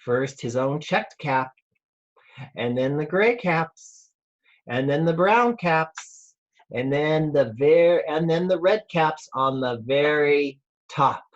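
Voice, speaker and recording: Man reading a storybook to kids, very slow, playful questions, dull lo-fi video call sound. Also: on the high side, lively intonation. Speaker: rabbi. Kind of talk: reading a picture book aloud to children.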